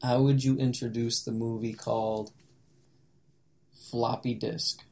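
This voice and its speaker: A man's voice: medium pitch, level tone, a little slow, darkish tone. A young man co-hosting a podcast, chatting casually and teasing with short reactions. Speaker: podcast co-host. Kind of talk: casual chat.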